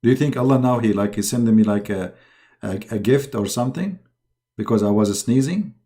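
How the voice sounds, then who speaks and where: A man's voice: medium pitch, a little fast, mellow. A man hosting a mocking religious commentary, talking sarcastically in broken English. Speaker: host.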